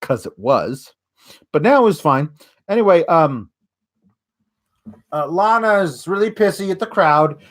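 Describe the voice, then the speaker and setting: A man's voice: on the high side, very animated, measured pace, long pauses. A man hosting a podcast, giving a sarcastic, rambling casual recap. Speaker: podcast host.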